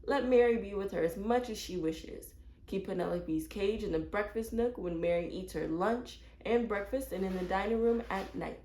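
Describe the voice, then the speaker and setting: A woman voicing a calm, kindly neighbor woman in a read-aloud storybook, reassuring and soothing. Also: mid-range voice, normal speed, close to an everyday voice. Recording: roomy echo.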